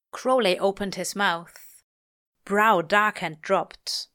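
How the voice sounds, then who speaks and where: Slow, lyrical woman reading fiction. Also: medium pitch, a bit bright. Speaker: reader. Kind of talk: audiobook-style fiction reading.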